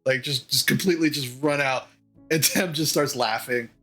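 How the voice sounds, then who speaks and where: A man's voice: medium pitch, moderate pace, sharp tone, faint music behind. A man narrating a tabletop game as game master, hesitant with many fillers.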